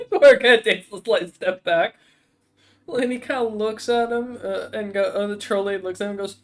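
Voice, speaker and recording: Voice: medium pitch, moderate pace. A game master narrating a tabletop game in a loose, rambling way, laughing and swearing casually.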